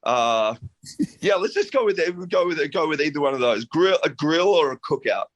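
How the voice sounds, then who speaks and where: A man's voice: on the high side, lively intonation, brisk. An Australian man, a rock singer, chatting playfully as an interview guest and laughing often. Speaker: band vocalist, guest. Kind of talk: casual interview chat.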